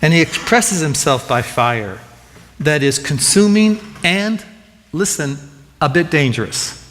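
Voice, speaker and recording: A man preaching a sermon as pastor, animated and conversational, often restarting and repeating words as he gets excited. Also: on the high side, measured pace, in a large hall, a little hiss or hum.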